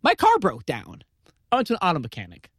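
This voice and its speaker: Animated woman telling a mock-earnest story. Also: fairly low pitch, fast talker, slightly rough, no echo, studio quality. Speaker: podcast co-host. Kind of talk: improvised comedy chat.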